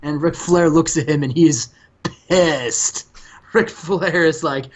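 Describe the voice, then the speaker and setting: A man hosting a gaming show, recounting wrestling action in excited, casual storytelling. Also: fairly high pitch, measured pace. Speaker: host. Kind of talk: casual play-by-play of a wrestling sim game.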